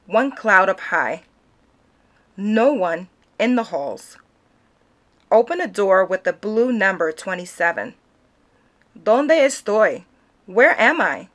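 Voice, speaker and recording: Slow, expressive woman reading a storybook. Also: medium pitch. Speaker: read-aloud storyteller. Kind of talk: children's book read-aloud.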